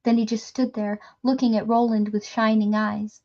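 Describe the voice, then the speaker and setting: A woman reading a novel aloud in a steady storytelling manner, with small slips and restarts. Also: on the high side, normal speed, lo-fi sound. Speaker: audiobook reader. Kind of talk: reading a novel aloud, voicing characters lightly.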